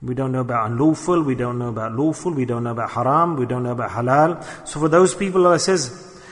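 A man's voice: mid-range voice, quick pace. A man preaching a sermon, telling a story and restating phrases for emphasis. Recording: long hall reverb.

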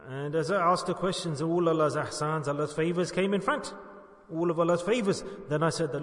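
A man's voice: on the high side, a little fast, fairly bright tone. Man preaching in an echoey hall. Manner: earnest, storytelling, asks rhetorical questions. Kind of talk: sermon. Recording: echoey hall with long reverb.

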